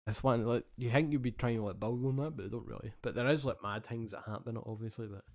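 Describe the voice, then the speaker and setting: A man's voice: medium pitch, quick pace, darkish tone. Sweary Scottish man in casual banter. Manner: sweary, laughing, slangy banter. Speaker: podcast co-host. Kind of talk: casual chat.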